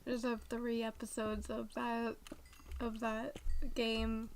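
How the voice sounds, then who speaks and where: A woman's voice: a little high, completely flat delivery, slow pace, slight background noise. A young woman streaming a game, chatting casually in a rambling way that often corrects itself. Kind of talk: casual chat while playing.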